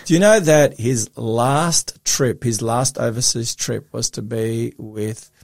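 A man with a hoarse voice that is coming back, co-hosting an earnest, emphatic religious discussion. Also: mid-range voice, takes it slowly, a little mellow, dry recording, clean studio sound. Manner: earnest, emphatic, with fillers and restarts. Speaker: co-host.

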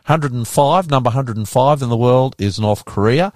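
Australian male co-host, dry teasing banter, mid-pitched voice, dead-dry studio sound. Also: dry recording. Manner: dry teasing, reads lists out quickly. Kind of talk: casual chat.

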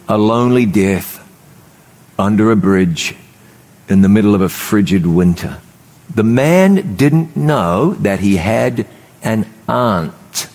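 A man preaching a sermon, building fervent high emphasis and then dropping into slow, solemn storytelling. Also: darkish tone. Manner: fervent, rises to high emphatic pitch on key words; slows and drops low for solemn storytelling.

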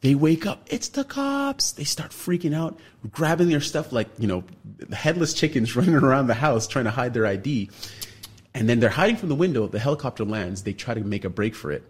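A man with a husky, somewhat breathy voice sits in as a guest on a radio show, telling a long personal story. His pitch sits in the middle range for a man. He tells it in an animated way, jumping up high to act out what other people said. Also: brisk.

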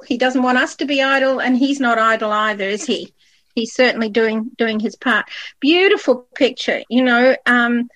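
A woman with a fairly high voice leads a group Bible study, steering the talk and calling on each panelist in turn. The sound is close and dry, with no room echo. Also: a bit bright. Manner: guiding, asks the panel questions.

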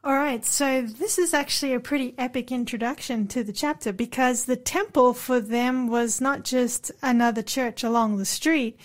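A woman leading a Bible study on the radio, praying and explaining in an encouraging, affirming way. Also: fairly high pitch. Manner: warm, encouraging, quick affirmations. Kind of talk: casual on-air Bible discussion and prayer. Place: radio studio.

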